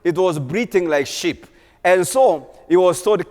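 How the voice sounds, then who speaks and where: Animated preacher in a hall. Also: male voice, high-pitched, measured pace. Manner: animated, repetitive exhortation. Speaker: pastor. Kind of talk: sermon. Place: church hall. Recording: long church hall reverb.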